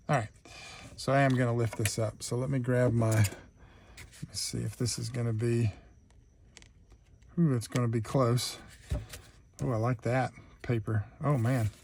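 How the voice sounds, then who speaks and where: A man's voice: mid-range voice, creaky, darkish tone, a little hiss or hum. A man hosting a real-time craft tutorial, chatting easygoing as he thinks aloud through each step.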